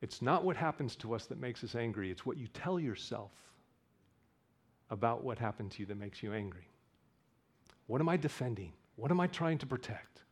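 Male pastor, sermon delivery, mid-pitched, animated, repeats key lines for emphasis. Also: moderate pace, husky. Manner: rises to loud emphatic peaks, then drops low.

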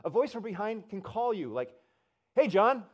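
A man's voice: sits high, brisk, breathy edge, lo-fi sound. A man preaching a sermon to a congregation, telling stories and acting out the voices in them. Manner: storytelling, animated, acts out voices. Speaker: pastor. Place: church in front of a congregation.

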